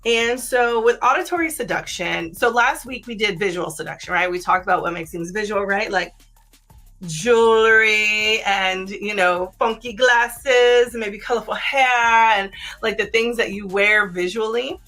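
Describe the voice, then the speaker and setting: A woman hosting a casual live-stream of sex advice, chatty, with many fillers and "right?" tags, sometimes dropping into a low, slow voice to make a point. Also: bright, forceful tone, faint music behind. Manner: drops into a low slow voice to demonstrate. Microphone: streaming setup.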